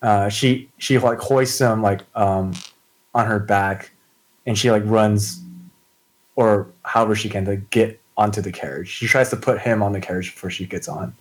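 Slightly low-voiced man, halting tabletop player. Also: fairly even intonation. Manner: halting, full of "like" and restarts. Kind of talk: casual tabletop play.

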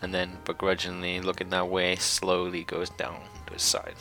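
Man, player, lowish bright voice, joking, hesitant, faint music. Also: completely flat delivery, moderate pace, vocal fry. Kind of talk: tabletop game play.

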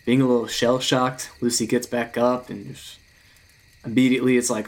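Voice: medium pitch, flat delivery, moderate pace. Easygoing player at a tabletop game. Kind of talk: casual tabletop play.

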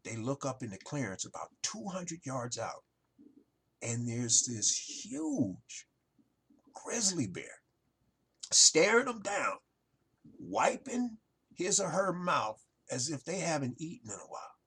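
A man's voice: on the high side, big pitch swings, takes it slowly, sharp tone, breathy edge. A man hosting a marketing talk show, speaking emphatically to his listeners and piling up rhetorical questions. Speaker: podcast host. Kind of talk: motivational marketing monologue.

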